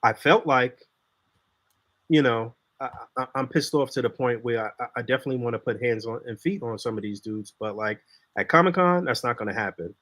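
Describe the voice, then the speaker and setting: A man's voice: mid-range voice, brisk, a bit bright, no room sound. A man co-hosting a podcast in casual chat, agreeing bluntly and stammering through restarts. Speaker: podcast co-host.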